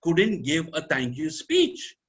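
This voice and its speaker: Man, bright forceful voice, slightly high, easygoing tips on public speaking. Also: huge pitch swings, slow pace. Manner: conversational, with fillers and self-corrections. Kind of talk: casual advice talk.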